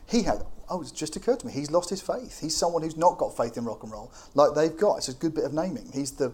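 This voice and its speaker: A British man talks quickly about a film he loves, piling up asides and restarting his sentences as he goes. His pitch sits at an ordinary level for a man. The tone is an easy, enthusiastic podcast conversation. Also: lively intonation, a little mellow, slightly rough. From Britain. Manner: enthusiastic, rambling, many restarts. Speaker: podcast co-host. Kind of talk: casual chat about a film.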